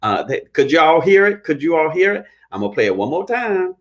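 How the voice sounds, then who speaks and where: A man's voice: fairly high pitch, very animated, fairly quick. A man working as a credit repair consultant, talking casually and emphatically to his viewers, preaching and joking in turns.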